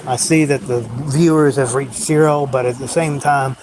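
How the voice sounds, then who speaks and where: A man's voice: medium pitch, steady tone, normal speed, noisy background. A man hosting a solo livestream, rambling in a brooding, bitter way about life. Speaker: livestream host.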